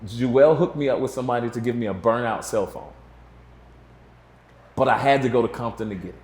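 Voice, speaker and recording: A man's voice: mid-range voice, a little fast, darkish tone. A man in his forties, a guest in an interview, telling a long story in a casual, rambling way full of "you know". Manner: rambling, filler-heavy, restarts with "you know". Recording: roomy echo.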